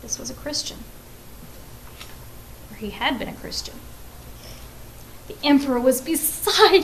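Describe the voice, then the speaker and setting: A woman's voice: high-pitched, animated, unhurried, pauses often, poor audio. Woman reading a story to children. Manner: asks listeners questions, friendly and conversational asides.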